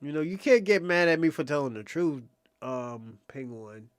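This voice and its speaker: Male streamer host, high voice, dead-dry sound, rambling profane riffing at chat regulars. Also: expressive, normal speed, smooth, no echo. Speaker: livestream host. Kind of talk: casual livestream commentary addressing chat.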